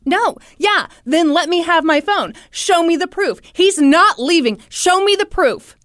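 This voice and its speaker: Brief: agitated entitled woman, shrill and pushy, pitched way up mocked by a narrator. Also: animated, measured pace, a bit bright, no echo, studio quality, full character voice. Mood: demanding.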